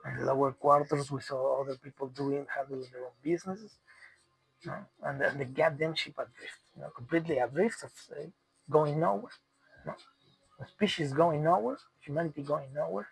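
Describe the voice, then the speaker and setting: Gravelly, exasperated man. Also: fairly high pitch, moderate pace, no echo, low-quality recording. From Mexico. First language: Spanish. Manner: profane, exasperated, rambling with restarts. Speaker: commentator. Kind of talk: unscripted rant.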